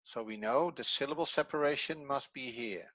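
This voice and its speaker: A middle-aged man teaching a grammar lesson, explaining slowly and step by step, a non-native English speaker whose first language is Dutch. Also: mid-range voice, fairly bright tone, no echo, highs cut off. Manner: slow, methodical explaining step by step. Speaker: Hebrew teacher.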